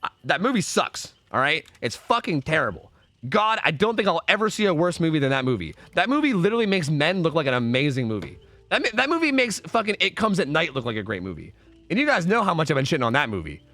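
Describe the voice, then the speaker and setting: A young man streaming a game live, chatting with his viewers in a profane, excitable, rambling way. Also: on the high side, fast talker, dry recording. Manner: rambling with frequent restarts and fillers. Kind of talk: casual live-stream chat while gaming.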